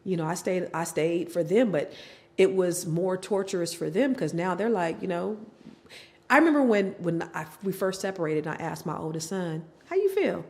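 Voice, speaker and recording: A middle-aged woman appears as a guest to tell her own story candidly, animatedly acting out her family members' lines in different voices. Her voice is on the low side and she talks at a normal speed.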